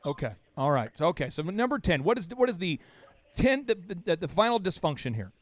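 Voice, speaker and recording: A male podcast host with a fairly high voice that swings widely up and down as he talks. He is blunt, animated and teasing. The sound is close and dry. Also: fairly quick, no echo. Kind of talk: lively podcast chat.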